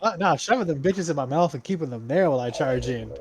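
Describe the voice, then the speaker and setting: Eager, lively tabletop player. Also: mid-range voice, quick pace. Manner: eager, joking, talks in character. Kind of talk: casual table talk in a tabletop game.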